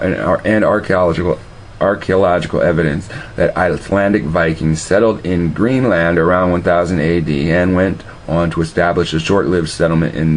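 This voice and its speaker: Man, deep voice, gravelly, casual profane storytelling, faint background hiss. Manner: profane, meandering, with frequent restarts. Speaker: video host.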